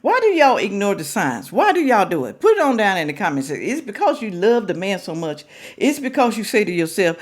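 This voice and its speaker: A woman's voice: fairly low pitch, very animated, a little fast. A woman hosting a reaction video, chatting straight to her viewers in a casual, teasing way.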